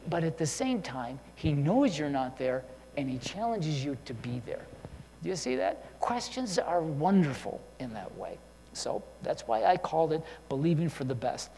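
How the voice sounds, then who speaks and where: A man's voice: on the high side, a little mellow. A man preaching a sermon in a conversational way, often checking in with listeners and restarting his sentences. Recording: long hall reverb with faint hum.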